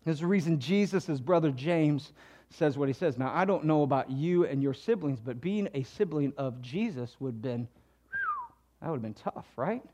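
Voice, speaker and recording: High-voiced, animated man preaching. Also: normal speed, a little hiss or hum. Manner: animated preaching, swinging between low asides and loud emphatic passages. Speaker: pastor. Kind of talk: sermon. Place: church.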